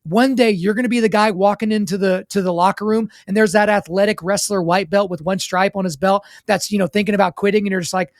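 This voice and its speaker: A man hosting a podcast in casual interview chat, an animated storyteller who acts out the voices he quotes. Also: high voice, fast, few pauses, no echo, clean studio sound. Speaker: podcast host.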